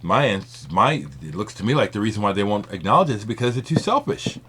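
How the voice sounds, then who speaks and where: A man's voice: lowish voice, sing-song, fast talker, noisy background. A man speaking in an impassioned, rambling monologue to his video audience. He repeats his points and swears for emphasis. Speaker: vinyl community video maker.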